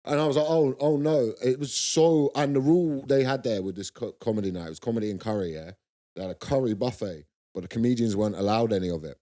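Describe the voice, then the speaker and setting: A man's voice: on the low side, expressive, fast talker, mellow. A young man, co-hosting a comedy podcast and telling laid-back stories in slangy casual chat.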